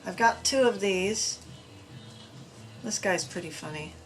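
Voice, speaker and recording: An adult mother chats casually and cheerfully as she shows off her puppet collection in a home room full of collectibles, rambling along with fillers. Her voice is mid-range and slow, with soft background music.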